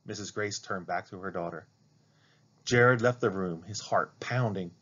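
Man, storybook narration, low voice, expressive, muffled lo-fi recording. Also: unhurried. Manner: expressive, dramatic reading. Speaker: reader. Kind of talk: storybook read-aloud narration.

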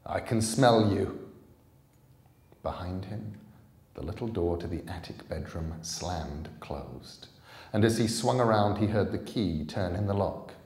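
A man reads a novel aloud in a calm, deliberate way. His voice is deep and unhurried. It rings in a roomy, echoing space. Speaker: storybook reader. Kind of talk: audiobook reading of a novel.

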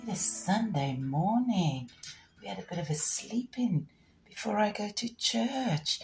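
A woman with a hoarse, gravelly voice, chatting softly in baby talk to her pet budgie while training it. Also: medium pitch, lively intonation, a little slow, soft background music. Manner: soft coaxing baby talk. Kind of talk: casual vlog talk to a pet bird.

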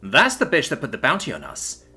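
A man's voice: medium pitch, wildly swooping pitch, a little fast, bright, forceful tone, slightly rough, faint music behind, full character voice. A man voicing a sarcastic, hot-headed young human student in a storybook reading. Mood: mocking. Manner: sarcastic, snarling.

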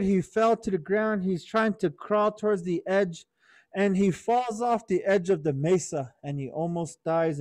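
A man tells a traditional story to children in a gentle, teacherly way, checking in often with his listeners. His voice is fairly high for a man. The sound is dry and close, with no room echo. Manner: gentle teacherly, often asks "right?" and "okay?". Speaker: storyteller for youth.

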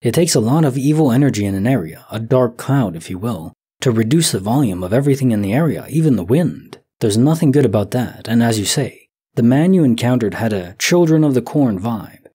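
A man in his thirties, a sleep story narrator, musing slowly and softly as he comments on listener stories. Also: mid-range voice, expressive, husky. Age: 30s. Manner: slow, soft, reflective, thinking aloud.

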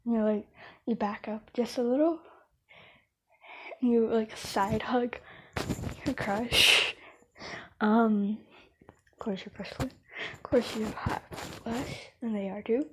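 Woman rambling slowly with fillers. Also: on the high side, steady tone, a bit bright, slight background noise. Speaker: comic dubber. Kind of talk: casual chat.

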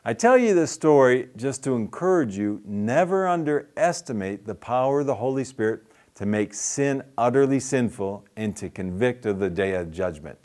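A man's voice: medium pitch, animated, moderate pace, darkish tone. A man teaching street evangelism, earnest and plain-spoken, repeating phrases for emphasis. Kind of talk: teaching with a retold anecdote.

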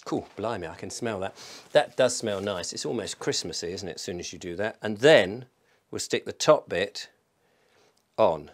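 A man's voice: lowish voice, animated, moderate pace, slight background noise. A man from England chatting casually through a home cooking vlog, thinking aloud and making fun of himself. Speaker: vlogger. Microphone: microphone in a room.

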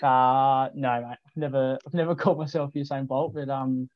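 A young Australian man in his late teens, a junior footballer chatting casually as a guest, relaxed and full of ums and restarts. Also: medium pitch, normal speed, dry recording. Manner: laid-back, many ums and restarts. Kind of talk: casual interview chat. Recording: dull lo-fi dry recording.

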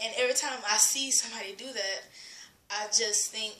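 This teenage girl's voice is on the high side, pushed and bright, and a little slow as she rants in a casual vlog. She rambles with lots of fillers, giggles, and drops into whispers, all in an echoey room.

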